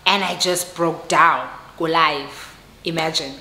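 A woman with a South African accent telling a personal story in a casual vlog, expressive and mixing English with Xhosa. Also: low-pitched, takes it slowly, roomy sound. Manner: expressive, switches between English and Xhosa, laughs at herself.

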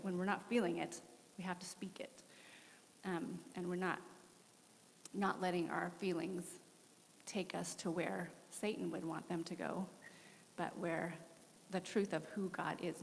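A woman's voice: fairly low pitch, vocal fry, slight background noise. Candid woman in an echoey church. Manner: candid, animated storytelling with laughs. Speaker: missionary guest. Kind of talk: testimony in a church interview. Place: church worship center.

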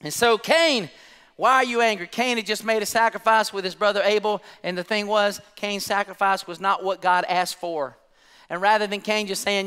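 A male pastor delivers an impassioned sermon in a very high, crisp voice. He retells scripture in plain everyday language. His voice carries through a church hall with a long echo. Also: steady tone, normal speed, sharp tone. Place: church sanctuary.

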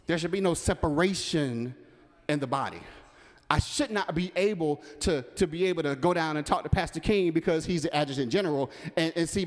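Animated preacher man. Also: fairly high pitch. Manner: call-and-response preaching, building emphasis. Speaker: minister. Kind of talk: sermon. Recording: reverberant church hall.

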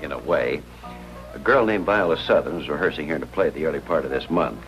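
An actor playing an earnest, persistent hospital chaplain who questions people gently, in a 1950s TV drama. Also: male voice, rumbling low, quick pace, highs cut off. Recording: 1950s TV soundtrack with music underneath.

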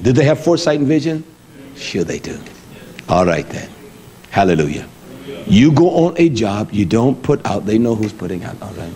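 A middle-aged man preaching a sermon, blunt and lively, jumping between high exclamations and low mutters.

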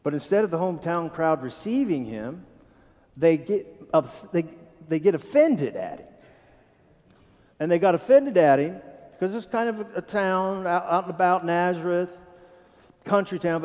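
Animated preaching man in a reverberant church. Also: sits high, moderate pace. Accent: Ohio. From Tennessee. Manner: animated, asks the congregation questions. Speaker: pastor. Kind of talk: sermon. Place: church sanctuary. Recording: church hall with long reverb.

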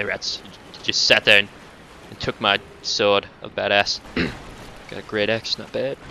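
Bright-voiced man swearing through a game. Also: fairly low pitch, level tone, normal speed, gravelly, a little hiss or hum. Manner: profane, talks back to enemies, swings between mutters and outbursts. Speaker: gameplay commentator. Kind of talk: casual let's-play commentary.

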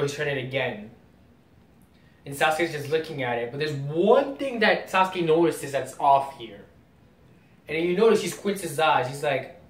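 A man hosts a casual comic reaction video, rambling and explaining as he goes. The mic is roomy and distant, with a faint rumble.

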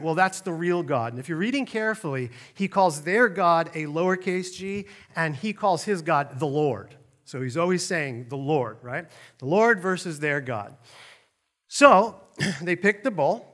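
A middle-aged man teaches a Bible passage in a relaxed, conversational way. His voice sits a little high, and he chuckles often. When he voices the quotes he gets louder and more forceful. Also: measured pace. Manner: animated, laughs often, acts out quotes loudly.

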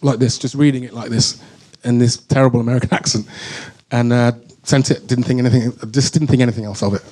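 A man telling a candid, emotional story as a guest at a live on-stage Q&A, full of halting restarts. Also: medium pitch, steady tone, dark tone. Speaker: guest actor. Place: stage in front of an audience.

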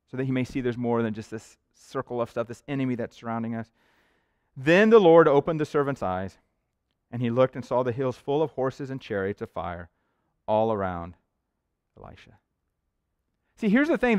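A man's voice: medium pitch, big pitch swings, normal speed, smooth, dry recording, studio quality. A male pastor preaching a sermon in an earnest, conversational way, often checking in with the congregation. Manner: conversational, earnest preaching with frequent "right?" asides. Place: church sanctuary.

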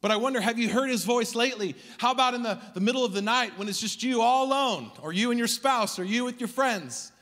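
Male pastor, high voice, rhythmic sermon, long church-hall reverb. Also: quick pace, hardly any pauses. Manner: rhythmic preaching, swings from loud to hushed. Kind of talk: Christmas Eve sermon. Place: church sanctuary.

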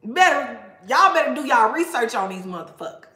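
A woman's voice: on the high side, sing-song, fairly quick, sharp tone, reverberant. A woman tarot reader talking casually to viewers, blunt and profane, laughing often. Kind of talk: casual tarot reading livestream rant.

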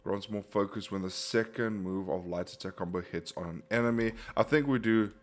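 A man's voice: lowish voice, brisk. Man thinking aloud over a game. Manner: thinks aloud, bursts into frustrated outbursts. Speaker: gaming channel host. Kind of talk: casual let's play commentary.

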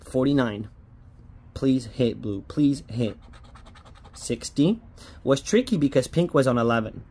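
A man's voice: medium pitch, expressive, a little slow, darkish tone, slightly rough. A man giving casual running commentary as he scratches lottery tickets, chatty and hopeful, pleading with each ticket to hit.

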